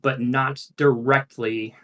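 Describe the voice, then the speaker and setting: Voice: medium pitch, steady tone, takes it slowly, a bit bright. A panel co-host giving a casual lore presentation, enthusiastic, with frequent fillers.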